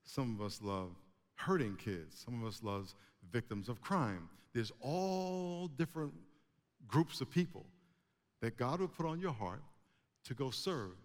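Guy preaching a sermon, gets loud and punchy, big hall echo behind him. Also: medium pitch. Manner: animated preaching with rising, emphatic bursts. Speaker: pastor. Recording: long hall reverb.

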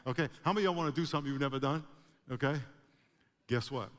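A man preaching a sermon to a congregation, animated, with emphatic rising bursts. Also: mid-range voice, fast. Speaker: pastor. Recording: long hall reverb.

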